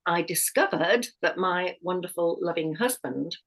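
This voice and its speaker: A candid middle-aged woman speaks as a podcast guest, telling a personal story in a slightly low voice. She is a hypnotherapist and life coach, and she talks in an open, unscripted way, often stopping to restart or correct herself mid-sentence. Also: expressive, unhurried, poor audio.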